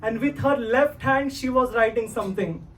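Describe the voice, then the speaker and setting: A man's voice: very high-pitched, moderate pace, far from the mic, rough recording. A man giving a devotional storytelling sermon, often asking "right?" of his listeners. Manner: repeats "right?" to the listeners, sings verses for them to repeat. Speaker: religious teacher.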